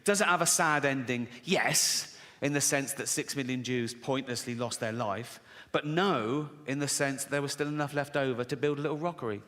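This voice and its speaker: A man's voice: medium pitch, moderate pace, slight background noise. A man doing stand-up comedy, sardonic and profane, often breaking into laughter. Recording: reverberant live venue, loud ambience.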